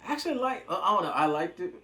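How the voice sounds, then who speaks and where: A man's voice: high voice, very animated, racing, sharp tone. A man reviewing a TV episode in a casual, rambling, jokey recap chat. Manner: rambling, jokey, acts out quotes. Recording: roomy echo.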